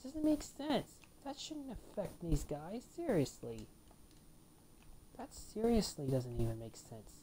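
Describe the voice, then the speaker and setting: A woman's voice: fairly low pitch, sing-song, unhurried, warm tone, a little hiss or hum. A woman giving casual commentary while playing a video game, grumbling and dropping into half-whispered asides to herself. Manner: mutters half-whispered asides between exclamations; playfully complaining. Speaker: let's play gamer.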